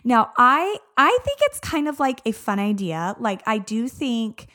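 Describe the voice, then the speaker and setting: A woman's voice: on the high side, very animated, a little slow, bright, forceful tone. A woman in her thirties co-hosting a podcast, talking in a chatty, filler-heavy and giggly way. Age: 30s. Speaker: podcast co-host. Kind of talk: casual chat.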